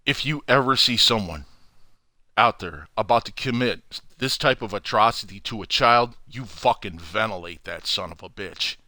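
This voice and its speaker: A man hosting his own channel, ranting furiously to camera from home with heavy swearing and loud outbursts. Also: fairly low pitch, normal speed, no echo, studio quality. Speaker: channel host. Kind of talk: angry profane rant to camera.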